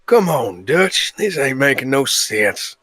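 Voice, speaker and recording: A man doing a gruff skeptical outlaw. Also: mid-range voice, big pitch swings, slow pace, a bit bright, no echo, clean studio sound, full character voice. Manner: blunt, skeptical, rough-spoken. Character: gruff weary male cowboy outlaw.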